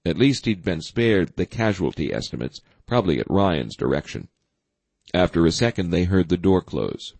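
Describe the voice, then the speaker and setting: A man narrating a political thriller audiobook in a steady, even reading. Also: deep voice, moderate pace, gravelly, dry recording. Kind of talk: scripted narration.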